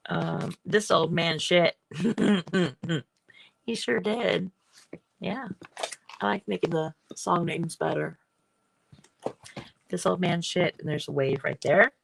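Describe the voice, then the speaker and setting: A woman chatting casually as she shows her craft books on a livestream, rambling and often clearing her throat. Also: deep voice, rough recording. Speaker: artist hosting a livestream. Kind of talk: casual craft show-and-tell.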